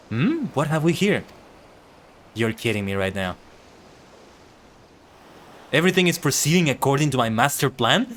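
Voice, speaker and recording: Excitable man streaming a game. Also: on the high side, a little slow, pauses often. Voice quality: laughs often, swears in excitement. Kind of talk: live game stream commentary.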